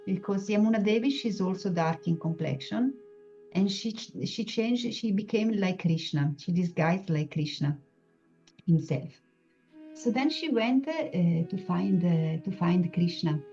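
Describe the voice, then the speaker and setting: A woman telling a devotional story in a halting way, with many pauses and restarts. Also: on the low side. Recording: dull lo-fi sound, soft music behind.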